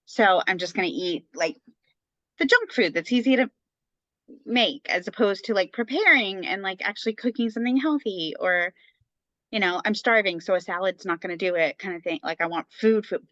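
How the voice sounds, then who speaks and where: Bright-voiced lady, chatty and rambling, kinda dull lo-fi dry sound. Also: mid-range voice, normal speed, no room sound. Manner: chatty, rambling with many fillers. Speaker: podcast co-host. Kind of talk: casual chat.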